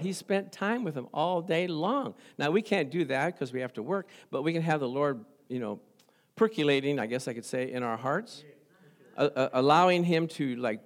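A middle-aged man preaching in an easy, conversational way, often breaking into chuckles and affirmations. His voice sits a little higher than most men's. He sounds like a pastor talking directly to his congregation. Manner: conversational preaching with frequent laughs and "praise the Lord". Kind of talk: sermon.

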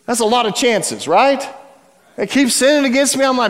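High-voiced male pastor in a reverberant hall. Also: animated, fairly quick. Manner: dramatic storytelling with sudden hushed drops. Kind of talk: sermon. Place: church sanctuary.

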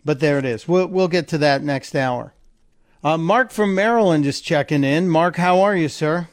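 Man, radio show host, casual call-in chat, joking, slightly high voice, smooth clear tone. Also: moderate pace, no room sound, clean studio sound. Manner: chatty, joking, laughs easily. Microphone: studio microphone.

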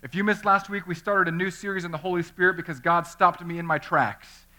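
A man in his thirties, a pastor, preaching a sermon through an animated personal story and acting out the voices in it. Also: high voice, a little fast.

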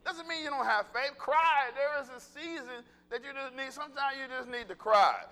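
A male pastor giving a lively, humorous sermon, talking conversationally with the congregation and laughing at his own jokes. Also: extremely high pitch, moderate pace. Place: church sanctuary. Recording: long reverb of a church hall.

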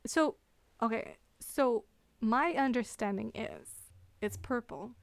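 Her voice is on the high side and creaky, her pace slow, and the recording has no echo. This woman hosts a podcast from close to the microphone, casually recapping a book with sarcastic humor and lots of laughing.

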